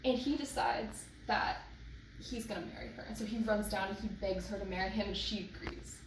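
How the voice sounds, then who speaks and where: A woman telling a folktale aloud, unhurried and leaning on emphatic repetition. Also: medium pitch, fairly even intonation. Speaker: storyteller. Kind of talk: oral folktale storytelling. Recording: echoey room, distant mic, noisy background.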